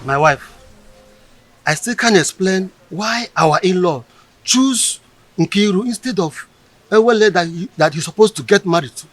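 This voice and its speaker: A man's voice: sits high, animated, a little slow, no echo, soft background music. A fretful, anxious father. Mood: worried. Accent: Nigerian. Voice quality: fretful, repeating himself. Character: worried traditional father, anxious.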